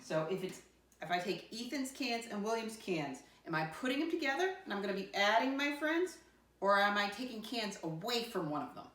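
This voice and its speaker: A woman's voice: mid-range voice, very animated, brisk, fairly bright tone. A woman teaching a math lesson to young children in a sing-song teacher voice, counting aloud and calling them "my friends". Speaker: first grade teacher. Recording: roomy sound from a distant mic.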